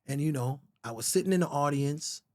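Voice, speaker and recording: Virgin islands guy telling stories in a podcast interview, raw and emotional, cusses a lot, voice a bit on the high side. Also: brisk. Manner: candid, emotional, swears often, says "bro". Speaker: songwriter guest. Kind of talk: casual storytelling interview.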